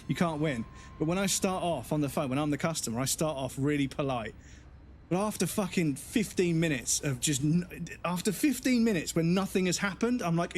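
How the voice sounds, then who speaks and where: A man's voice: fairly high pitch, moderate pace, slight background noise. A man streaming a game, a father, ranting bluntly and swearing in casual talk. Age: adult with children. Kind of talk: casual live-stream rant.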